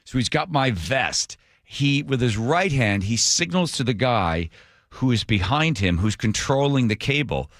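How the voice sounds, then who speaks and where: Man, radio talk host, bright voice, dry studio, acts out quotes. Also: medium pitch, animated, a little slow, no echo. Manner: acts out quotes with big voice swings. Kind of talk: animated storytelling on talk radio.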